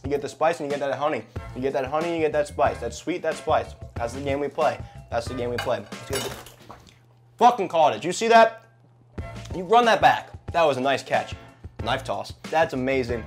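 A male chef hosting a casual cooking vlog in his kitchen, upbeat and playful, swearing now and then. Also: medium pitch. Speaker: chef and show host.

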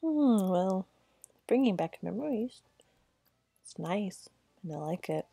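Tired lady gaming, slow mellow talk, giggly and rambly, dry mic. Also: medium pitch, sing-song, vocal fry, husky, dry recording. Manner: giggly, rambling, talks to herself. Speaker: let's play gamer. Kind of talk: casual gameplay commentary.

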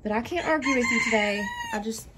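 A woman's voice: on the high side, fast talker, very noisy. A woman chatting casually to the camera while doing chicken chores outdoors and talking sweetly to her hens. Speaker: chicken keeper vlogger. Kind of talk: casual vlog narration during chores. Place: outdoors at a chicken coop in freezing weather. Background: clucking chickens.

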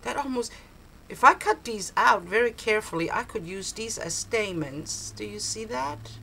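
A woman's voice: medium pitch, expressive, moderate pace, vocal fry, sharp tone, a little hiss or hum, low-quality recording. An older woman opening a craft swap package on her video blog, gushing and exclaiming over each tiny item. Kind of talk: casual unboxing chat. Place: cold home, heater on.

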